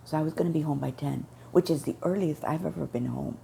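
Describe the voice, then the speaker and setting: Gravelly low-voiced woman giving testimony. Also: quick pace, dark tone, a little hiss or hum. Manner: earnest, repetitive storytelling, quoting prayers. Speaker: testimony speaker. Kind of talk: personal religious testimony.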